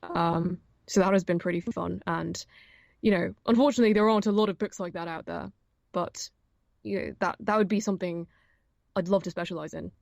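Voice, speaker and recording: A woman's voice: on the low side, a little fast, creaky, darkish tone, no room sound, muffled recording. A young woman, an audiobook narrator, chatting casually as an interview guest, with many fillers and frequent laughs. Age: young adult.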